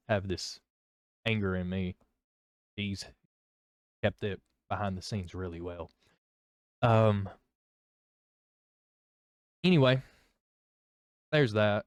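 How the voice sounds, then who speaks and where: A man's voice: fairly low pitch, a little slow, long pauses, no echo, studio quality. Young man sharing his testimony, candid and rambling, with a clean, resonant voice. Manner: rambling, candid, many fillers and restarts. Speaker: vlogger. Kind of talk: personal testimony.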